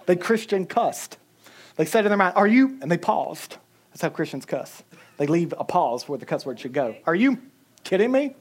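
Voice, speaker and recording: Male preacher, animated and humorous, tells stories from the pulpit. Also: a little high, normal speed, husky. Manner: animated, humorous storytelling with chuckles. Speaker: pastor. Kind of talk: sermon.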